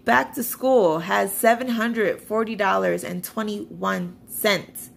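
Gravelly-voiced woman chatting about her budget. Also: mid-range voice, takes it slowly, slight background noise. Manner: chatty, reads figures off a screen, self-deprecating. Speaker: budgeting vlogger. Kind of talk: casual budget walkthrough to camera.

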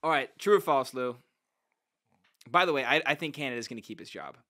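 A man hosting a sports talk show, calm and dry, steering the segments. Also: medium pitch, fairly quick. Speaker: host.

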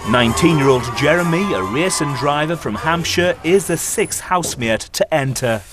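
A man's voice: fairly high pitch, lively intonation, normal speed. A man reading a scripted voice-over that introduces contestants. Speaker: narrator. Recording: music underneath.

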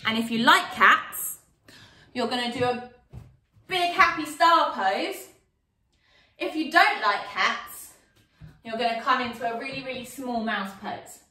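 A woman's voice: on the high side, moderate pace, sharp tone, roomy sound, distant mic. A woman leading an online yoga class for young children, playful and sing-song as she calls out poses and games. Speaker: kids yoga teacher.

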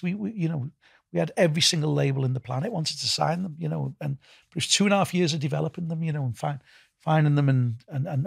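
A man's voice: a little high, vocal fry, slightly rough, dry recording, studio quality. A middle-aged man with a Liverpool accent, being interviewed as a festival founder, rambling with lots of restarts and "you know". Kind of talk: casual interview talk.

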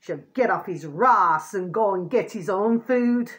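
A woman's voice: mid-range voice, measured pace. A woman vlogger talking in a rambling, repetitive way to her viewers, often irritated and venting. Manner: rambling, repeats pet phrases, asks "do you see what I mean". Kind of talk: rambling casual monologue to viewers.

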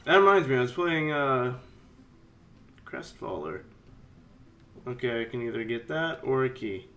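A man giving casual let's-play commentary, rambling and chatty with sudden excited yelps. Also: mid-range voice, a little slow, dull audio, a little hiss or hum. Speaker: game commentator.

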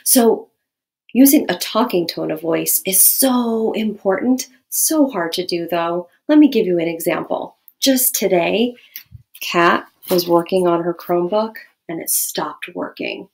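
A woman from a school giving a recorded video lesson to children, gentle and patient, often asking them questions. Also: lowish voice, lively intonation, measured pace, vocal fry. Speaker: school staff member teaching students.

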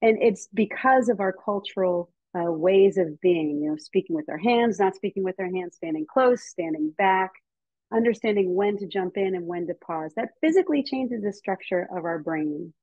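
An American woman giving a lively, chatty talk to teachers and parents over a video call, with frequent ums. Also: mid-range voice, normal speed, no room sound. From United States. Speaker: speaker on child development. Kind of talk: casual lecture to teachers and parents. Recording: dull, slightly muffled video call audio.

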